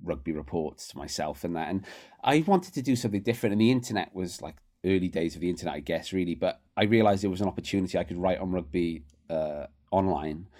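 Brief: male interview guest, low voice, rattles through stories at speed. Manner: rapid, animated anecdotes with frequent restarts. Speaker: guest, rugby writer. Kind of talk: casual storytelling interview.

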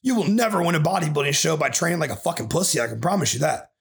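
A man's voice: a little high, animated, very fast, creaky, fairly bright tone. A man hosting a podcast as a bodybuilding coach, ranting in an aggressive, profane way and swearing constantly.

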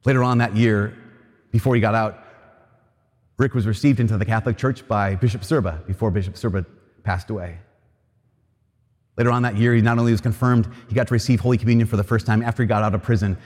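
A man's voice: on the low side, steady tone, quick pace, a little mellow. A man preaching a sermon, telling a story and then making an earnest appeal with emphatic repetition. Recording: long reverb of a large hall.

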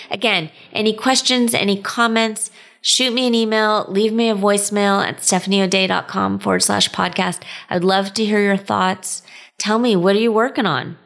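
Personal stories fill this casual monologue from a woman podcast host in her thirties, who is chatty and laughs a lot. She speaks at a medium pitch, her voice gravelly and a bit bright.

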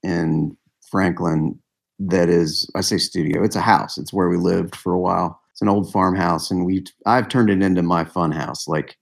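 Deep-voiced rambling man storyteller. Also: fairly even intonation, moderate pace, vocal fry. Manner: rambling storyteller, laughs often. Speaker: musician guest. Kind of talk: casual interview chat.

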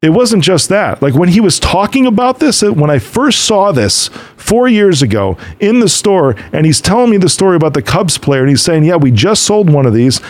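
A man's voice: sits high, very animated, normal speed, hardly any pauses, no room sound. A middle-aged man hosting a podcast, talking casually in a motivational monologue and acting out conversations as he tells stories. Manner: storytelling, quotes others and himself; casual, swears now and then. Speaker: podcast host.

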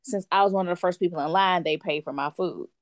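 A woman telling a long story in an animated, casual way, and she acts out other people's lines in playful voices. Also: lowish voice, quick pace, no echo, studio quality. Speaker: guest storyteller. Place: lives in France.

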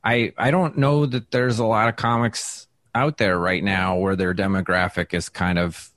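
A man who does stand-up, telling stories in a casual interview, chatty and self-deprecating, with lots of fillers and restarts, and he acts out quoted lines with big jumps in pitch. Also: normal speed. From Wisconsin. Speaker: stand-up comedian, guest. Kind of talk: casual interview talk, storytelling.

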